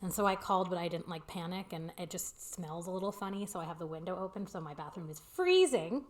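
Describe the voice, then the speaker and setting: A woman's voice: lowish voice, expressive, quick pace. Chatty woman host with a tinny mic. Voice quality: tinny, echoey microphone sound. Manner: chatty, flustered by audio problems, laughing. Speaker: podcast host. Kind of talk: casual live-stream chat. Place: home apartment. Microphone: computer microphone on a video call. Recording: tinny echoey home mic with feedback.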